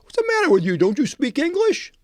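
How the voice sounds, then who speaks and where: A man putting on an impatient male gate guard who rattles off rapid, clipped directions. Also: sits high, lively intonation, dry recording, clean studio sound, pitched above the performer's own voice.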